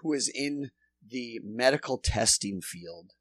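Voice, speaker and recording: A man's voice: medium pitch, expressive, measured pace, a bit bright, no echo. A man co-hosting a casual podcast, ranting with heavy swearing. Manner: profane, ranting.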